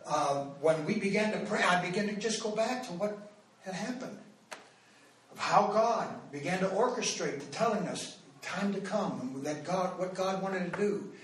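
A man preaching, telling a story to his congregation in an animated, rambling way with many restarts and fillers. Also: high-pitched, moderate pace. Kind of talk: storytelling sermon. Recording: echoey hall, mic far off.

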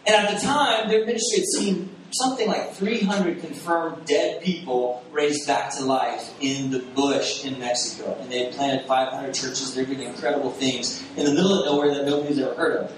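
A pastor preaching a sermon in a storytelling way, lively and laughing, acting out his own past reactions. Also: medium pitch, normal speed, few pauses. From Texas. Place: church sanctuary. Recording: very echoey room, distant mic, faint hiss.

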